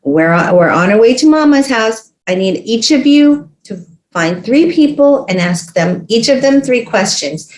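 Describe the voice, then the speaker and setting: Middle-aged woman psychologist, lively storyteller who slips into character voices, roomy reverberant sound. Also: fairly high pitch, a little slow, slight background noise. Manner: animated, acts out the voices of family members in her stories. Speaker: psychologist guest. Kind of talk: casual podcast storytelling. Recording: roomy echo.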